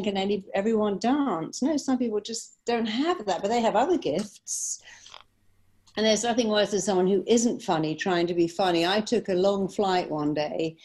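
Middle-aged woman, guest storyteller, lively and quick to laugh. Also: mid-range voice. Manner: animated, anecdotal, laughing easily. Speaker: guest, therapist and speaker. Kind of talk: conversational storytelling.

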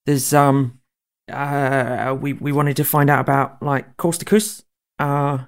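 Slow gravelly guy at a tabletop game, lots of um and uh. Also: mid-range voice, fairly even intonation. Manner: hesitant, many ums and uhs. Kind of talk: casual chat.

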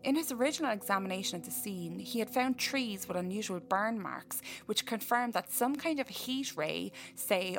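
A woman's voice: mid-range voice, a bit bright. An Irish woman co-hosting a podcast, reading out a case and breaking off to joke and chat. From Ireland. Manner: reads case notes then riffs with jokes. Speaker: podcast co-host. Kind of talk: casual storytelling chat.

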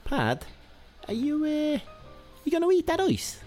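An actor playing a dim-witted, food-obsessed club crony who talks in a goofy, blunt way. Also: male voice, very high voice, huge pitch swings, measured pace, a little mellow, soft background music, full character voice. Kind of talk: comedic audio drama acting.

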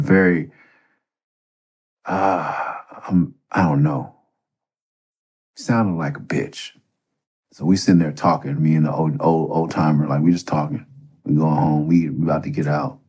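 Podcast host, middle-aged man, deep and husky, rambling and cursing through a story. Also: steady tone, unhurried, pauses often, a little mellow. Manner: profane, rambling, conversational. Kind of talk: casual storytelling.

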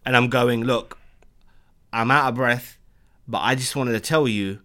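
A young man with a London accent, co-hosting a podcast and telling stories in lively, slangy chat. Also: medium pitch, a little slow, a little hiss or hum. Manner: animated storytelling with London slang. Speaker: podcast co-host. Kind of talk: casual banter.

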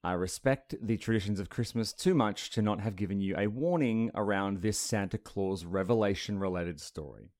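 A man's voice: on the low side, animated, normal speed, few pauses, darkish tone. A man co-hosting a podcast in casual chat, teasing and sardonic, who also reads news stories aloud. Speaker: podcast co-host.

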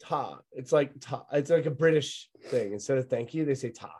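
A man's voice: mid-range voice, normal speed, darkish tone, slightly rough. A man hosting a comedy podcast, rambling through stories, swearing freely and laughing as he talks. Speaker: podcast host. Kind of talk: casual comedy podcast chat.

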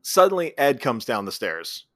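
A man's voice: mid-range voice, big pitch swings, moderate pace, no echo, studio quality. A man co-hosting a podcast, animatedly retelling a movie's scenes in casual chat and acting out the characters' lines. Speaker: podcast co-host.

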